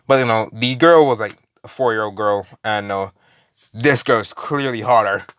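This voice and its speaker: A man's voice: lowish voice, moderate pace, fairly bright tone, smooth, dry recording, studio quality. A man casually retelling a fan story in a rambling, profane way, full of fillers and restarts.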